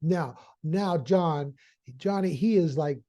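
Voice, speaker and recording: Male hypnotherapy trainer, folksy and animated, slightly high pitch with a mellow tone. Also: slow. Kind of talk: storytelling lesson.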